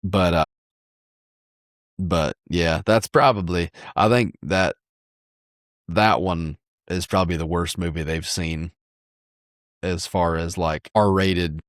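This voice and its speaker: A man's voice: low voice, steady tone, takes it slowly, long pauses, dry recording, clean studio sound. A man in his thirties, a podcast co-host, telling a rambling story in casual chat.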